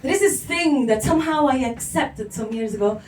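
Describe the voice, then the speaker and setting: A woman with a high, expressive, slightly mellow voice and a non-native English accent does a stand-up set at a live comedy venue, talking a little fast, chatty and swearing, laughing at her own jokes. The room is echoey, the mic sits at a distance, and crowd laughter and slight background noise come through.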